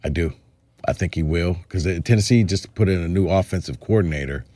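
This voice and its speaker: Deep, dark-toned and fairly quick, this man hosts a sports podcast in a chatty, wandering style. He frequently starts his sentences over and imitates other people with an exaggerated drawl when quoting them.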